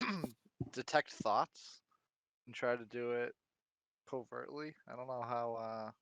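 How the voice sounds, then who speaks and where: A man's voice: medium pitch, fairly even intonation, takes it slowly, creaky, fairly bright tone, no room sound. A man playing a tabletop game, hesitant and thinking aloud. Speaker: player. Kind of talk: casual chat. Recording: dull lo-fi mic.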